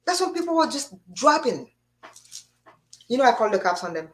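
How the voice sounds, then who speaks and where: Lively woman host telling anecdotes. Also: a little high, brisk. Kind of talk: casual chat.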